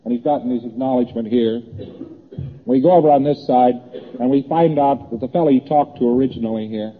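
A man's voice: medium pitch, fairly quick. A man giving a conversational lecture, walking through graphs on a board and acting out small exchanges. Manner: conversational, repeats points, acts out little exchanges. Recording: tinny old tape in a reverberant hall.

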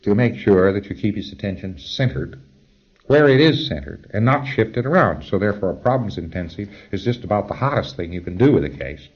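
A man's voice: on the low side, animated, fairly quick, slightly rough, lo-fi sound. A man giving an informal, rambling spoken lecture in a conversational way. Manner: rambling, conversational, chuckles at his own asides.

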